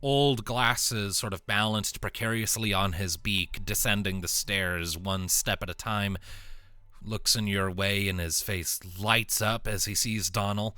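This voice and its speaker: A man narrating a tabletop game as game master, chatty and quick to laugh, with faint music underneath. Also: on the low side, pushed and bright, clean tone, no room sound, studio quality. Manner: laughs often, loose and chatty.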